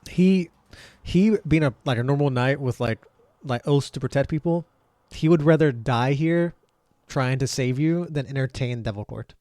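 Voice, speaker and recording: Young male game master, halting narration, dry close sound. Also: mid-range voice, darkish tone, no room sound. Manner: hesitant, filler-heavy narration.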